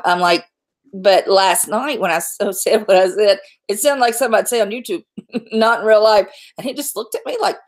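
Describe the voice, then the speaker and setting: A woman's voice: mid-range voice, vocal fry. A middle-aged woman, chatting candidly and laughing often on a live stream. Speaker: YouTube host. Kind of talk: casual live-stream chat.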